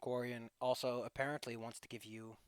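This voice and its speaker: A man's voice: medium pitch, level tone, brisk, smooth, no echo, studio quality. A man running a tabletop game as game master, narrating combat and rules in a chatty, joking way over a voice call.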